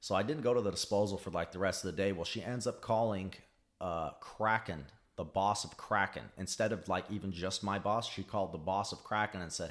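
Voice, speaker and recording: A young man tells a work story loosely and profanely, his voice sitting on the low side. He jumps into the voices of the people he quotes. It is relaxed podcast chat. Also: fairly quick. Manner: profane, animated storyteller who acts out quotes. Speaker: podcast guest. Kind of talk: casual storytelling.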